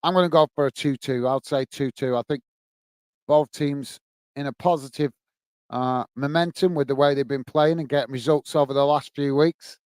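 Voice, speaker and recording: A man's voice: medium pitch, steady tone, moderate pace, darkish tone, smooth, no echo. A man hosting a football watch-along stream, giving friendly play-by-play and chatting with viewers as he goes. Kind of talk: live match commentary while greeting chat viewers.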